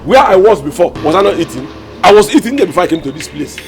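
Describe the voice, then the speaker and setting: An actor playing a hungry, scheming gateman who complains loudly, with a Nigerian accent and pidgin-laced talk. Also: high-pitched, big pitch swings, fast. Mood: indignant. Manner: loud, indignant, pidgin-laced banter. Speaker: gatekeeper. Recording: film soundtrack with loud music.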